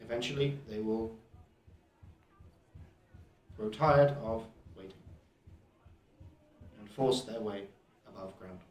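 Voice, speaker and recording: A man voicing a strained robotic being who speaks in stilted, halting, clipped phrases. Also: lowish voice, a little mellow, reverberant. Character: strained robotic male being, formal and urgent.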